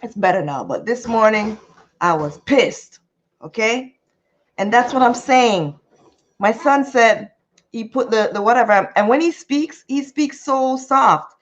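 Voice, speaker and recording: Woman, livestream host, casual storytelling, animated, chatty, fairly high voice, muffled lo-fi sound. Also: measured pace. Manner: animated, chatty, greets viewers mid-story. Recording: muffled lo-fi audio.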